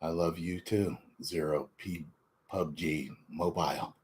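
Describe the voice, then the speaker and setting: A man's voice: sits low, fairly even intonation, a little mellow. A man in his forties hosting a casual livestream, chatting playfully with his viewers. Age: 40s. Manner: slow, playful, talks to chat. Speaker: livestream host.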